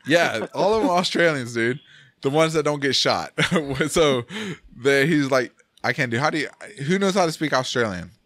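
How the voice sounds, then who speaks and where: Excitable man chatting about movies. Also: medium pitch, normal speed, dry recording, studio quality. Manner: animated, rambling, laughs often. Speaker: podcast host. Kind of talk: casual movie review chat.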